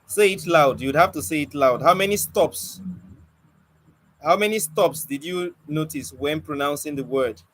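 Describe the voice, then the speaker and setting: Man, young adult, online poetry mentor, questioning, teasing, slightly high voice. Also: expressive, a little slow, a bit bright, slight background noise, rough recording. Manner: coaxing, questioning students, lightly teasing. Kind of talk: online class teaching.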